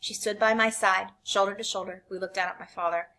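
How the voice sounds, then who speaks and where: Woman reading a story out loud, expressive, some vocal fry. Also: mid-range voice, fairly quick. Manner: expressive, shifting between quiet and intense. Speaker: reader. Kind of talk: reading a novel aloud.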